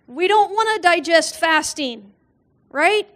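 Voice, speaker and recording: Woman guest preacher, high voice, funny storyteller who acts out the voices in her stories. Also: animated, slow, fairly bright tone. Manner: humorous storytelling, acts out quoted voices, laughs often. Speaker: guest speaker. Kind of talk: sermon with personal stories. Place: church.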